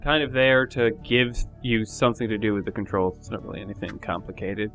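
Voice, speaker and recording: A man's voice: lowish voice, a little fast, fairly bright tone, faint music behind. A man co-hosting a podcast, recapping a game's plot in a rambling, casual way with lots of filler words. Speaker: podcast co-host. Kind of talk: casual chat.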